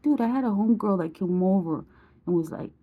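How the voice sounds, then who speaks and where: Blunt, emotional woman vlogger, husky voice. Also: mid-range voice, animated, brisk, phone-quality sound. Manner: blunt, emotional, swears casually. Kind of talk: candid personal vlog.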